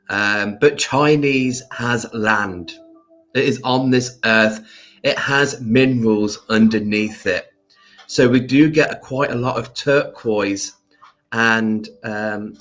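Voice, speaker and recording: A man hosting a casual crystal livestream, greeting viewers by name with endearments and pausing often with ums. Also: mid-range voice, a bit bright. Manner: slow, hesitant with frequent ums. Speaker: crystal shop livestream host.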